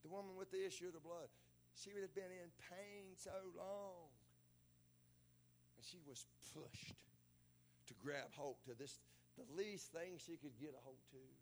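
A man with a rural Southern American accent preaching a sermon as pastor, folksy and emphatic, rising to shouted peaks. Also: a little high, a little slow, slight background noise.

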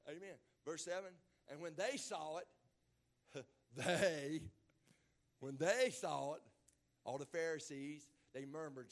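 In a church, a man preaches an emphatic sermon, sinking to low murmurs before rising into shouted exclamations.

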